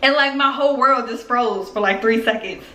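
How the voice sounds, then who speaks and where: A woman in her twenties from Philadelphia telling a personal story on her vlog in a chatty, animated way full of fillers. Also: fairly high pitch, moderate pace. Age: 20s. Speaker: YouTuber. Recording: roomy echo.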